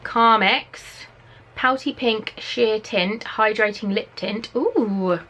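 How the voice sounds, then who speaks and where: A young English woman from Norfolk chatting excitedly on camera at home, reading out product blurbs as she unboxes them. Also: medium pitch, slow. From Norfolk, England. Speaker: beauty vlogger. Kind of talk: casual unboxing chat. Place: at home, indoors.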